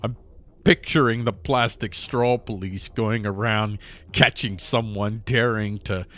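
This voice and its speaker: A man's voice: on the low side, steady tone, measured pace, fairly bright tone. A man hosting a news commentary show, rambling and jokey with many restarts. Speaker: host.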